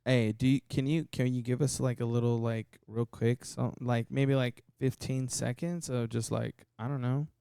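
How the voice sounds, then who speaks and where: Podcast host, man, gravelly resonant tone, stumbles and restarts, laid-back. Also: medium pitch, fairly even intonation, normal speed, hardly any pauses, mellow, no echo, clean studio sound. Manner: hesitant, stumbling restarts, swears casually. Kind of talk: casual podcast chat.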